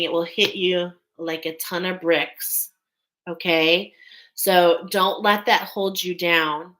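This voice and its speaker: A woman delivers a live channeled reading, speaking slowly and with many pauses. Her voice sits somewhat low. She keeps breaking off to check in with "okay" before carrying on. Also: a bit bright, poor audio. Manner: halting, often checks in with "okay". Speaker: intuitive reader.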